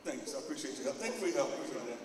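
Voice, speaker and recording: A man's voice: mid-range voice, rapid-fire, a loud crowd. Man speaking in an echoey hall. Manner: casual, instructing volunteers as he demonstrates; gets loud and animated in stories. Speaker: opening speaker at a lecture. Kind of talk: live demonstration talk to an audience. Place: large echoing hall. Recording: echoey hall, distant mic, background noise.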